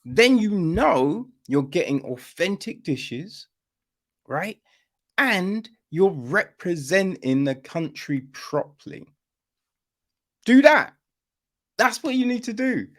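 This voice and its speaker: A man's voice: high voice, big pitch swings, slow pace. Sweary man ranting on a podcast. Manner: blunt, sweary, ranting with frequent "right?". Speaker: podcast host. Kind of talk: opinionated podcast commentary.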